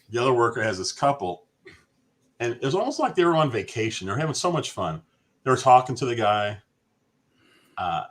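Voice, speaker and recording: A middle-aged man telling casual stories on a live chat show over a video call, animated and mimicking the people in his anecdotes. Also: fairly low pitch.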